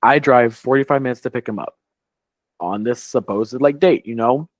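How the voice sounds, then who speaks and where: Male podcast co-host, mid-pitch, rambling anecdote, dry booth sound. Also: normal speed, no echo. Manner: rambling, heavy on "like", quoting others. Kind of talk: casual storytelling chat.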